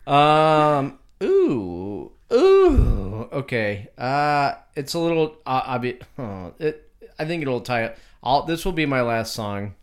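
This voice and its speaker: A man's voice: mid-range voice, measured pace. A man co-hosting a casual music podcast, rambling with lots of fillers and self-deprecating apologies. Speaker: podcast co-host. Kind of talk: casual chat about music. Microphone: home podcast microphone.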